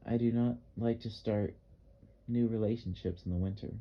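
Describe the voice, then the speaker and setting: A blunt, strong-voiced artist with a vague Russian accent, as a male audiobook reader puts him on. He speaks in insistent, repeated commands, with a low-set voice. The recording sounds dull and slightly lo-fi. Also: steady tone, moderate pace. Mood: commanding. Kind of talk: audiobook character reading.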